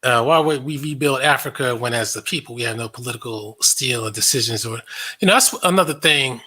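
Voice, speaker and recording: A man's voice: mid-range voice, fairly quick, bright, forceful tone, breathy edge. A man hosting a casual commentary monologue, blunt and sarcastic, swearing freely and laughing often. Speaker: online show host.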